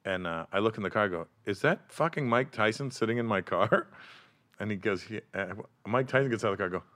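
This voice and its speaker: Male guest, lively raconteur who mimics others, bright tone. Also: lowish voice, fast. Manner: animated, acts out quotes in other voices. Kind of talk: casual storytelling chat.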